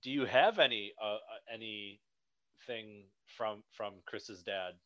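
A man interviewing a guest in a casual, halting conversational way. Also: fairly low pitch, a bit bright.

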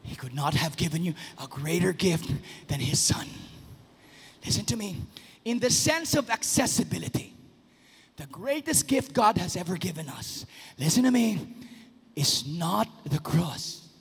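A man preaching a sermon as pastor, swinging between sing-song shouts and sudden soft, quiet asides. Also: sits high, very animated, a little slow, husky. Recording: long reverb of a large hall.

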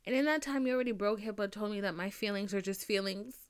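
A woman's voice: mid-range voice, fast talker, clean tone. A young woman podcast host telling a story in a casual, blunt, profane rant, acting out the other people's lines as she goes. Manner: blunt, profane, animated retelling with mimicked quotes.

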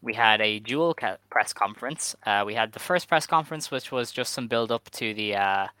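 A man co-hosting a casual podcast, walking through the news in a steady, methodical way with "um" fillers. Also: fairly low pitch, normal speed, clean tone, no room sound. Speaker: podcast co-host.

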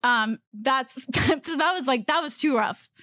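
Woman in her 30s hosting a podcast, giggly and pushy, high voice, dry sound. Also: measured pace, pushed and bright, dry recording. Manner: giggly, teasing, pushy with questions. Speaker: podcast host. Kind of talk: casual chat.

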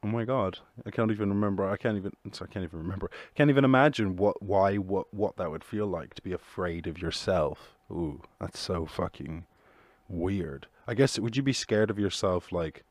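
A man's voice: low-pitched, moderate pace, no echo. A man hosting a solo podcast, rambling through jokey, profane musings in casual chat. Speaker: podcast host.

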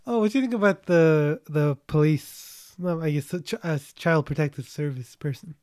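A young man co-hosts a casual movie review chat, his voice sitting a little high. He rambles and jokes, often trailing off mid-sentence. The sound is dry and close, with no room around it. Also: normal speed, a little mellow, smooth, dry recording. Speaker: podcast co-host.

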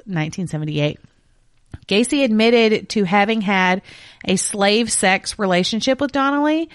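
A woman's voice: medium pitch, no room sound, clean studio sound. A woman hosting a true crime podcast, reading case details and breaking off into blunt, profane asides. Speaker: podcast co-host telling the case.

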